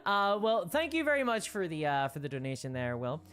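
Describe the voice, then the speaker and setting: A woman's voice: low-pitched, very animated, a little fast, fairly bright tone, soft background music. A woman hosting a casual livestream, rambling and laughing often as she reads viewer comments. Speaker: livestream host.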